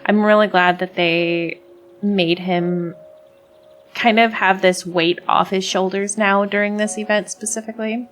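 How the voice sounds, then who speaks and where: A woman's voice: mid-range voice, fairly even intonation, a little slow, soft background music. A woman hosting a game playthrough, reading the story text aloud and gushing about the characters, often stumbling and restarting words. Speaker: let's play host.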